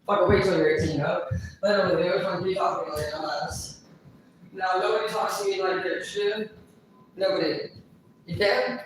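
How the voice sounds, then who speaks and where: A woman's voice: sits low, a little hiss or hum. A woman vlogger talking in a rambling, casual monologue, crude and blunt, swearing constantly. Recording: echoey room, far from mic.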